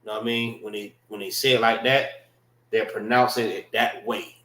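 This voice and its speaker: A man teaching a class, explaining slowly, repeating words and checking with his listeners. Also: fairly low pitch, level tone, pushed and bright, echoey room. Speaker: class instructor. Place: indoor classroom.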